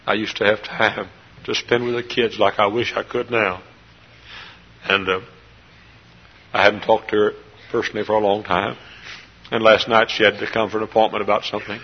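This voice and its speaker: A middle-aged pastor with a husky, somewhat low voice delivers a heartfelt sermon in a church. He rises to loud, emotional peaks and then falls back to quiet, confiding storytelling. The recording is a dull, lo-fi sermon tape. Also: little pitch movement, moderate pace, long pauses. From Texas. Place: church sanctuary.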